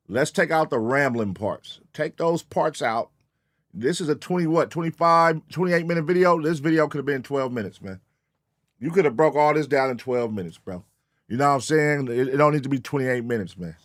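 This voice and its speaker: A man hosting a live reaction stream, talking in loud, profane, joking banter with his chat. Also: fairly high pitch, no echo, studio quality. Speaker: reaction show host.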